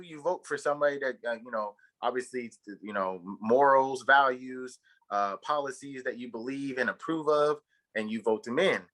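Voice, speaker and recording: A man's voice: mid-range voice, sharp tone, rough recording. A man from Texas co-hosting a podcast, telling a long story in a rambling way, full of fillers and swearing. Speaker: podcast co-host. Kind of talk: casual chat.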